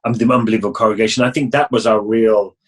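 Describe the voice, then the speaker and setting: A man's voice: lowish voice, fairly even intonation, fast, slightly rough, rough recording. A middle-aged man, an interview guest, telling travel stories in a rambling way, full of restarts and acted-out exchanges. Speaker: interview guest, motorcycle adventurer. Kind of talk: casual interview storytelling.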